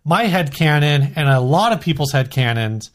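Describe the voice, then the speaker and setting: A man's voice: fairly high pitch, expressive, moderate pace. A man co-hosting a casual music podcast, blunt and opinionated, joking as he goes. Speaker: podcast co-host. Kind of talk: casual chat.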